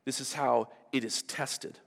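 A male pastor preaching a sermon, animated, acting out quotes in different voices. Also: medium pitch, measured pace, vocal fry, in a large hall.

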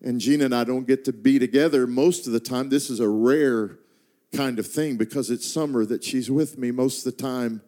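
A man's voice: mid-range voice, fairly even intonation, moderate pace, warm tone. A middle-aged man, a traveling preacher, telling a personal story in a sermon and swelling into impassioned prayer before a congregation. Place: church stage before a congregation.

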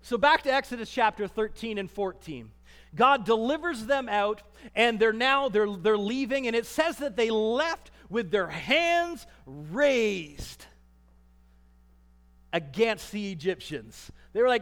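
A man preaching a sermon, acting out the people he quotes and swinging from loud to soft. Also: sits high, expressive, slow pace. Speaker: pastor. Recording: long reverb of a large hall.

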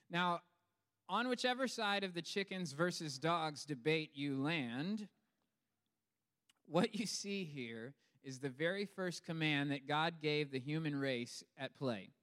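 A male pastor delivering a lively sermon with humor, building up for emphasis and then dropping low and quiet. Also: takes it slowly. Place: church hall. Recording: long hall reverb.

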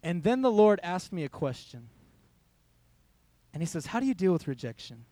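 A man's voice: high voice, big pitch swings, normal speed, warm tone, dry recording. Young man preaching a casual sermon. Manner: conversational, storytelling, quotes his own thoughts. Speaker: youth pastor. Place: church hall.

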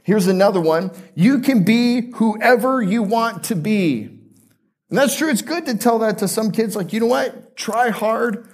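A man's voice: high voice, expressive, unhurried. A male pastor preaching a conversational sermon to a live congregation, joking and asking them questions.

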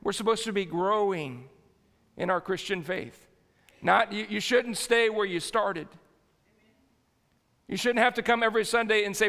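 Male pastor, bright high register, gravelly edge, folksy sermon in a reverberant church hall. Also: normal speed, pauses often. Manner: folksy and jokey, with frequent restarts. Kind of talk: conversational sermon. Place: church sanctuary.

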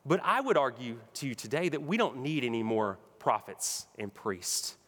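Emphatic preacher in a reverberant hall. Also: male voice, mid-range voice, sing-song, moderate pace, a bit bright. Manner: emphatic preaching, builds to repeated punchy phrases. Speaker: pastor. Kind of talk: sermon.

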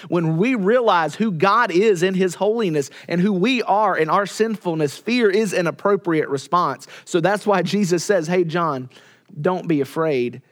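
A man preaching with a high, bright voice as a pastor. He lets key phrases fall to a near hush, then climbs and pushes hard when he drives a point home. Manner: dramatic pauses, drops to a hush for quoted words. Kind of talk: sermon.

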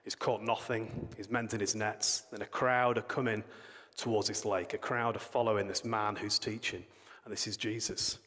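A man's voice: on the low side, steady tone, normal speed, bright, forceful tone. A man giving a sermon, retelling a Bible story in a plain conversational way, then praying and reading scripture aloud. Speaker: preacher. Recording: long reverb of a hall.

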